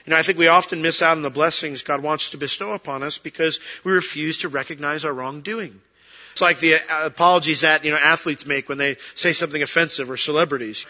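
A middle-aged pastor preaching in a casual, conversational way, acting out quoted prayers and excuses. His voice is bright and edgy, sitting a bit high for a man. The sound is dull and carries a long hall reverb. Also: steady tone, quick pace. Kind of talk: sermon.

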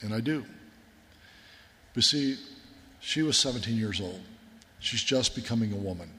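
This military chaplain's voice is lowish, animated, pushed, and bright, moving at a moderate pace. He preaches a sermon built around war stories in a sincere, homespun storytelling style, with long hall reverb on the recording.

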